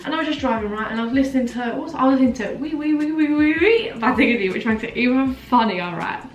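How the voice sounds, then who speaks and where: Racing through her dramatic story, a young female vlogger keeps saying "like" in her storytime chat. Her voice sits on the high side, and the muffled recording comes from an echoey room with a distant mic and faint background music.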